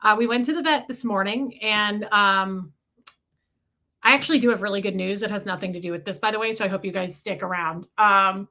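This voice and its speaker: In a bright, mid-range voice with a forceful tone, a woman speaks a little fast while hosting a relaxed livestream. She chats and rambles scatteredly through a story, welcoming viewers partway through.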